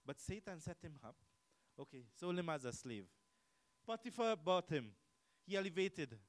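A man preaching with a fairly high voice, full of rhetorical questions and repeated lines. He swings from loud declarations to quiet asides, recorded close and dry with no room sound. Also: very animated, normal speed, no room sound, poor audio. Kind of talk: sermon.

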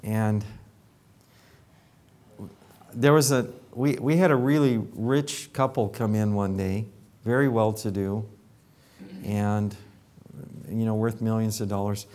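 Unhurried and fairly low-pitched, this older dentist spins relaxed stories from his practice. He brings the patients to life by voicing what they said in an animated way.

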